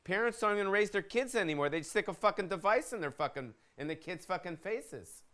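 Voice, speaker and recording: A man's voice: high voice, lively intonation, a little fast, a bit bright. A man in his fifties hosting a podcast, talking in a loose, profane, jokey rant and tossing questions to his producer. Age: 50s. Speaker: podcast host. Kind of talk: casual rambling rant.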